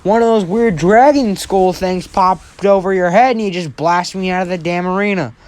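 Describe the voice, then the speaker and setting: A man's voice: high voice, normal speed, voice pushed up, lightly acted. A man doing a baffled, swearing teen boy. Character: baffled teen boy, blunt and foul-mouthed.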